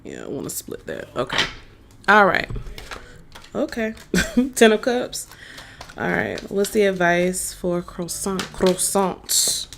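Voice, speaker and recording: A woman doing a live-streamed tarot reading, talking slowly with many fillers and answering chat messages. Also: medium pitch, wildly swooping pitch, vocal fry, a bit bright, a little hiss or hum. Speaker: tarot reader.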